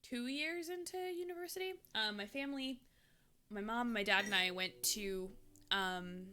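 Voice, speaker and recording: Chatty bright-voiced woman streamer. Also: on the high side, normal speed. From Minnesota. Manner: chatty, rambling, many fillers. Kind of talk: casual chat with live chat.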